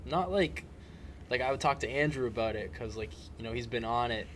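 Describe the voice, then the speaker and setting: Young male guest, relaxed storyteller, mid pitch, slight noise on the track. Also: brisk. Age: young adult. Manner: relaxed, easygoing storytelling with "like" fillers. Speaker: podcast guest. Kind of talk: casual chat.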